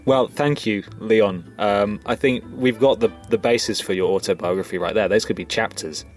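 Brief: low-voiced male podcast host, dry, wry delivery. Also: moderate pace, faint music behind. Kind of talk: casual chat.

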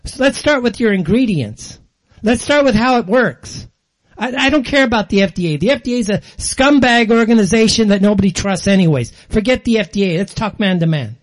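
High-voiced older man ranting. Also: expressive, brisk. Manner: angry ranting, sarcastic, blunt. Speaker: show host. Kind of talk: monologue commentary.

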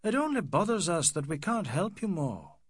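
A man's voice: fairly high pitch, huge pitch swings, fairly bright tone, no room sound, clean studio sound, exaggerated voice. A man playing an earnest colonial policeman. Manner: earnest, slow and sincere. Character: earnest middle-aged colonial policeman, sincere. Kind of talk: audiobook character voice.

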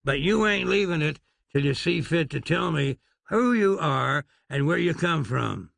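A man voicing a gaunt, gloomy frontier marshal with a rough drawl and stern delivery. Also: a little high, expressive, measured pace, a bit bright, no room sound, heavily acted. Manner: stern, with dry humor.

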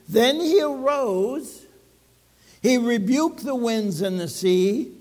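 A man preaching a sermon, telling a story with dramatic swings between loud and soft. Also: very high-pitched, lively intonation, slow, big-room sound. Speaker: pastor.

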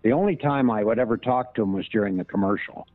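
An older man, an impressionist, telling showbiz anecdotes in a halting, storytelling way over a tinny line. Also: lowish voice, no echo, soft background music. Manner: anecdotal, halting with many restarts. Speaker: impressionist guest. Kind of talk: casual interview storytelling. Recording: tinny phone-like line, dry.

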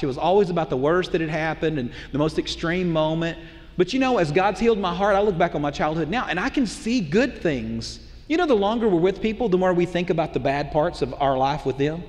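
Middle-aged male pastor, high-pitched, talks with the congregation like a friend; sanctuary echo. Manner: conversational preacher, asks the crowd rhetorical questions. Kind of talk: sermon. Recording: long hall reverb.

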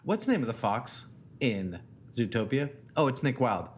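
Animated, lively-pitched man telling stories. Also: moderate pace. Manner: profane, animated storytelling, mimics his daughter. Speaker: podcast co-host. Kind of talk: casual comedic chat.

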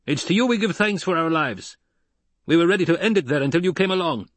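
A man voicing a rough, earnest desert worker who speaks in old-fashioned, rustic phrasing. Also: fairly high pitch, lively intonation, fast, fairly bright tone, no room sound, voice pushed up.

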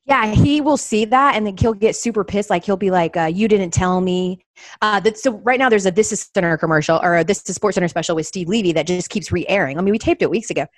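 Young woman, sports anchor guest, animated storyteller, medium voice, dry close sound. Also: fast talker, few pauses, no echo. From Atlanta, US. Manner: animated, acts out her dad's voice with big pitch jumps. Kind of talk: casual storytelling chat.

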